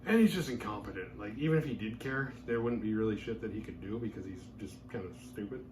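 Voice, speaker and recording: A man's voice: on the low side, fast, a little mellow, a little hiss or hum. A man hosting a podcast, recapping a horror film in a loose, slangy way and acting out the characters' lines. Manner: chatty, slangy, acts out characters' lines in quotes. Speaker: podcast host reviewing horror films.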